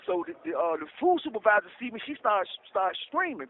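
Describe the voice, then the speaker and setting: Man, high-pitched, casual rambling storyteller, recorded like a tinny phone line. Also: very animated, brisk. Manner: rambling, conversational, with many restarts. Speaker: guest telling a personal story. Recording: tinny phone-like sound with faint noise.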